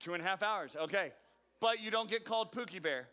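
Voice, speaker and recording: A youth pastor runs a youth group game in a large hall with an audience, calling on teens by name and teasing them playfully. His voice is high-pitched and sharp, his delivery brisk, and the hall leaves a long reverb.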